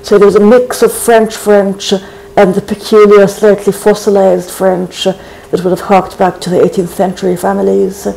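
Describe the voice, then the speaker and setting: A speaker in their forties from Trinidad, answers interview questions slowly and thoughtfully. The voice stays flat and even. Its tone is soft and dark, with frequent thinking pauses. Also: mid-range voice, vocal fry, a little hiss or hum, poor audio. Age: 40s. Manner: thoughtful and measured, frequent hesitations. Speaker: guest poet. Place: college.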